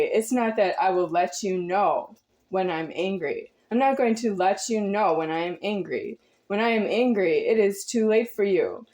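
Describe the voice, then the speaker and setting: A woman's voice: medium pitch, a little slow, a little mellow. Intense woman in her forties, rambling. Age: 40s. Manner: intense, repetitive, confrontational. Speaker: vlogger. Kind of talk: rambling spiritual monologue to viewers.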